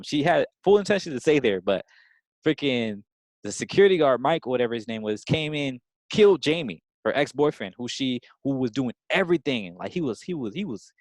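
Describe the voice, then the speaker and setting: Excited rambling man, casual podcast talk. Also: medium pitch, no room sound. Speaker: podcast host. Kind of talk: casual chat.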